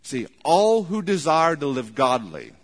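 A man's voice: a little high, big pitch swings, a little slow. A man preaching a sermon, earnest and repetitive, acting out imagined people as he goes. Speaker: pastor. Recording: long hall reverb.

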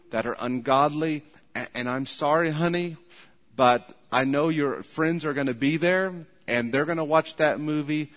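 A man preaching a sermon, earnest and repetitive, acting out imagined people as he goes. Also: a little high. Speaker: pastor. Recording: long hall reverb.

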